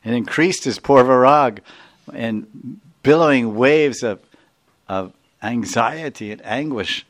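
A man's voice: medium pitch, slow. A man giving a sermon, telling a devotional story and explaining its terms. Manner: explains terms, laughs, acts out figures.

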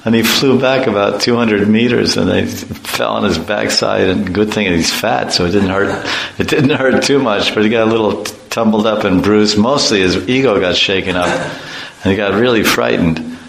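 A man preaching an animated storytelling sermon, laughing along and chanting verses. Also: fairly low pitch, normal speed, vocal fry. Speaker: preacher telling a sacred story. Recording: echoey room, faint noise.

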